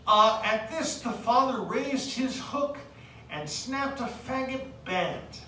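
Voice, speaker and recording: A woman from the United States lecturing on literature, unhurried and hesitant, filling pauses with "uh" and reading verse aloud. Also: a little high, expressive, a bit bright, a little hiss or hum. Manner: unhurried, hesitant with many fillers, reads poetry aloud. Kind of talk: recorded lecture. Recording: very echoey room, distant mic.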